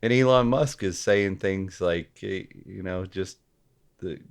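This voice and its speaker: A man as a podcast guest in casual political chat, halting and often restarting his sentences. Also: sits low, creaky. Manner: halting, repeats and restarts, gropes for names.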